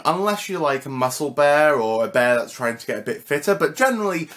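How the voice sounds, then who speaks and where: A man's voice: fairly high pitch, sing-song, moderate pace, few pauses, fairly bright tone. A young man with a British accent hosts a comedic vlog lesson. His voice swoops up and down, and he sounds cheeky and mock-indignant. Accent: British English. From United Kingdom. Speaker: vlogger.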